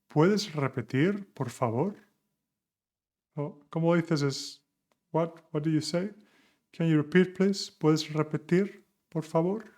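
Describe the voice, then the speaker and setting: A man teaching a beginner Spanish lesson, chatting with learners and slowing down to model phrases. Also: mid-range voice, darkish tone. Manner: chatty, asks learners questions.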